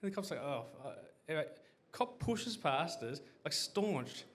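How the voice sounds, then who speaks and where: A man spins a rambling, sweary yarn for a live crowd, his pitch leaping all over the place. He keeps falling back on "anyway" and laughs through his own story in a bright, sharp voice. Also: sing-song, moderate pace, a little hiss or hum. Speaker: guest telling a story on stage. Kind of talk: crowd-facing comic yarn.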